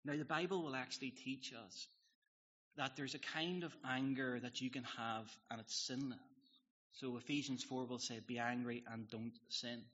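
A man's voice: mid-range voice, fairly even intonation, normal speed, fairly bright tone, lo-fi sound. A man with a Northern Irish accent preaching a sermon in a conversational way, full of asides and rhetorical questions.

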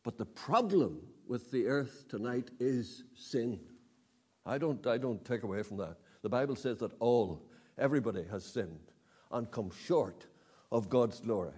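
A man's voice: mid-range voice, animated, a little slow, darkish tone, slightly rough. A man preaching a sermon to an evening audience, emphatic, repeating key words and asking rhetorical questions. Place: meeting hall with audience.

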